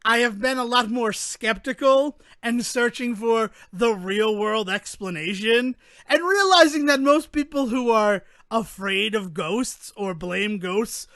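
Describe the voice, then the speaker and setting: A man's voice: very high voice, unhurried, few pauses, bright, forceful tone, no echo. A man co-hosting a podcast, chatting casually with lots of filler words. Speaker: podcast co-host. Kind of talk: casual chat.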